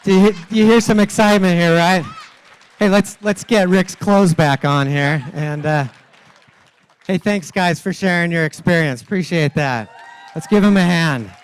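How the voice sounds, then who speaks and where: A man's voice: sits high, normal speed, clean tone, some chatter behind. A man hosting a conference session on stage, bantering with guests and rallying the audience. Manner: upbeat, rallies the audience. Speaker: conference host. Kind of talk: upbeat emcee patter. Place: large conference hall on stage.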